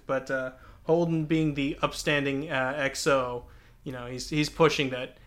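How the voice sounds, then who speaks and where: Bright-voiced rambling podcast host. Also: male voice, fairly high pitch, fairly even intonation, moderate pace. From Texas. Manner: rambling, many "like" fillers. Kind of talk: casual book discussion.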